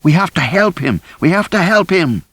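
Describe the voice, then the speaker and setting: A man voicing a panicked, desperate young woman who cries out in high, pleading bursts. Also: animated, normal speed, no room sound. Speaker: audiobook character.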